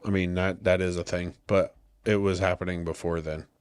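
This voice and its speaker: A man's voice: flat delivery, moderate pace, clear, resonant tone. A man with a stuffy cold, chatting playfully with his partner as a podcast co-host. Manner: playful, teasing, bursts into high sung mock-screams. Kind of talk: casual couple chat.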